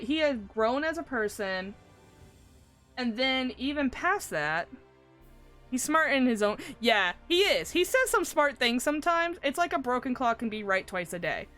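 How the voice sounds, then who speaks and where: Swearing and laughing a lot, a woman chats animatedly about a game during a casual live stream. She has a fairly high, fairly bright voice, and faint game music is audible.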